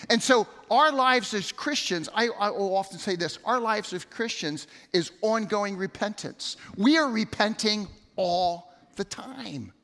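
A man's voice: high voice, lively intonation, measured pace, hardly any pauses, a bit bright. A middle-aged man preaching a sermon as pastor, conversational, often repeating words and telling stories. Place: church sanctuary. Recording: long hall reverb.

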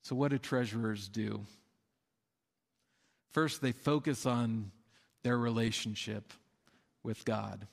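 A mid-range, steady-toned pastor takes his sermon slowly, his voice creaky and broken by long pauses. He keeps things conversational, leaning on fillers and acting out the figures in his stories. Long reverb fills the hall around him.

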